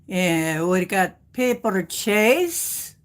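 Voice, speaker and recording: On a casual livestream, an American woman working as a card reader chats away in a medium-pitched, very animated voice with drawn-out words. Silly and playful, she answers comments and jumps between put-on accents, joke voices, and sing-song bits.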